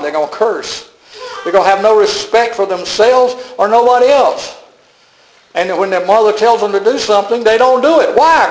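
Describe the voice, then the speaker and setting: A man's voice: sits high, reverberant, low-quality recording. An older man preaching a sermon as a pastor, telling folksy stories with chuckles.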